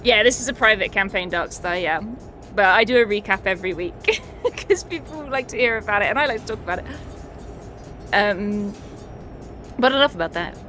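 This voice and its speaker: A woman's voice: mid-range voice, moderate pace, pauses often, sharp tone, soft background music. A woman streamer chatting casually, swearing and laughing often as she recaps a tabletop game.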